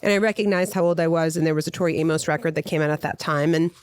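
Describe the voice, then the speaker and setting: A woman's voice: sits low, fairly even intonation, racing, clean tone. A middle-aged woman from Long Island hosting a podcast, talking candidly and animatedly, thinking aloud and swearing casually. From Long Island, New York. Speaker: podcast host and DJ. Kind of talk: candid conversational interview.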